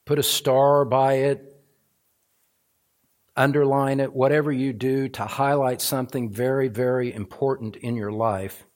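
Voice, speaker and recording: A man's voice: medium pitch, a little slow. Man preaching with rising fervor. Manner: builds from calm teaching to fervent, loud emphasis. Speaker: pastor. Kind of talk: sermon.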